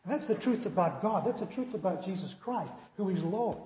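A man preaching a sermon as pastor, building to loud emphatic points and then dropping to quiet, dramatic asides. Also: sits high, animated, fairly quick. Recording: echoey hall.

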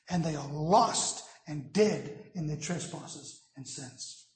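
A male pastor preaching a sermon, swelling loud on key lines and dropping to hushed, near-whispered endings. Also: a little high, slow pace, reverberant.

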